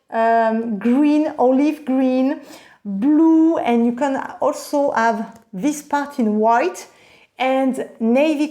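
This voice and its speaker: Slow-talking woman gushing over an unboxing. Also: fairly high pitch, a little mellow. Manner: gushing, gasping with delight. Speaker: vlogger. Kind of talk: unboxing vlog.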